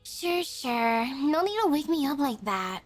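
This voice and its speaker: A woman's voice: high voice, expressive, a little slow, dry recording, faint music behind. A woman voicing a lazy, sleepy young female soldier doll who talks in a drowsy, teasing way.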